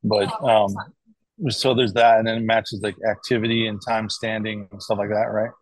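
Middle aged american guy, husky low voice, rambly, keeps restarting and going "right?", dry sound. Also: flat delivery, moderate pace, no room sound, rough recording. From United States. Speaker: guest, cardiac arrest survivor. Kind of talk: casual interview talk.

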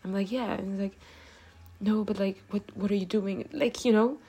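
A young woman vlogging late at night, talking softly and haltingly to her camera, tearful after crying, with many fillers and restarts. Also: medium pitch, fairly even intonation, breathy edge.

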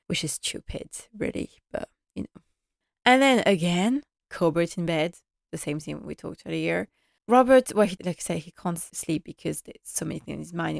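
A woman's voice: mid-range voice, creaky, dry recording, clean studio sound. Chatty, laughing woman reviewer. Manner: enthusiastic, chatty, laughing often; acts out characters' lines. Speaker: TV episode reviewer. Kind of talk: casual recap vlog.

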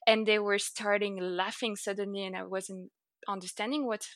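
A young woman with a French accent, chatting casually as an interview guest, laughing often and filling pauses with "uh" and "like". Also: medium pitch, fairly bright tone, no room sound.

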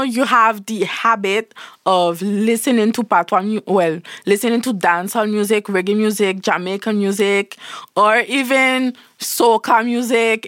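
A woman's voice: on the high side, no echo, studio quality. A woman from Saint Martin with a Saint Martin Caribbean accent, a guest explaining things in a casual interview, full of examples and restarts. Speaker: guest, platform founder.

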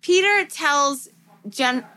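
A woman's voice: sits high, very slow. A woman co-hosting a podcast, casually recapping a film with lots of swearing and acted-out quotes. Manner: animated, swears freely, acts out quotes. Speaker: podcast co-host. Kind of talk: casual movie recap chat.

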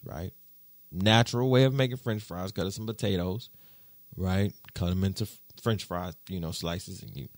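A man hosting a podcast, telling stories in casual slang with big swings in pitch and loudness. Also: dry recording, clean studio sound. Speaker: podcast host.

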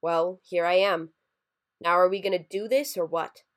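A woman voicing a gangly, scaly male Christmas creature who talks in a raspy, brash and impatient way. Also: lowish voice, steady tone, moderate pace, fairly bright tone, close to an everyday voice.

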